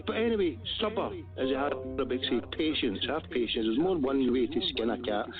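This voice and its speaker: A man's voice: medium pitch, animated, moderate pace, over music. A man with a Glaswegian accent calling in to a talk show, speaking fervently in a rambling, devout way. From Glasgow, Scotland. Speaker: caller. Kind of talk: call-in phone chat. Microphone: phone. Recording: tinny phone line.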